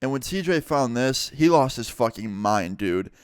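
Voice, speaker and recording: A young man telling a casual, profanity-laced story-time vlog in an animated way. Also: medium pitch, normal speed, smooth, no room sound, clean studio sound. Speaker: vlogger.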